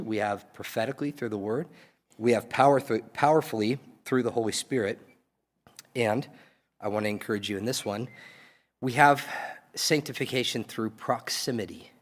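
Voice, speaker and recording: A man preaching a sermon as pastor, earnest and pleading, building to emphatic peaks. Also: fairly low pitch. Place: church hall. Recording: long reverb of a church hall.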